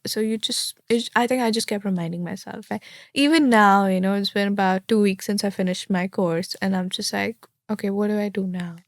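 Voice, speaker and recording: A woman's voice: mid-range voice, steady tone, a little fast, no echo. Young woman from India, candid, chatty, dry close sound. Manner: chatty and candid, acts out quoted thoughts. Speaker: interviewee, law graduate. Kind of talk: casual interview answers.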